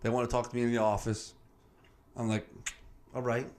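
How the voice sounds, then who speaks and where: A man hosting a podcast, telling stories in a casual, animated chat, cursing freely and acting out what others said. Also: medium pitch, brisk. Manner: animated storyteller, swears freely, acts out quoted voices. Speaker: podcast host. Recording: roomy sound with faint background noise.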